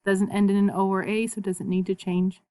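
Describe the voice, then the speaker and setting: A woman teaching a recorded video lesson as a Spanish teacher, patiently repeating words slowly so learners can copy the pronunciation. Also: medium pitch, level tone, dark tone, clean tone, dry recording.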